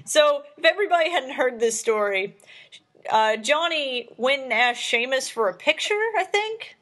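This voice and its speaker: A woman's voice: high voice, expressive, normal speed, a bit bright. A young woman hosting a casual chat, rambling along with many fillers as she tells stories. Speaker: host.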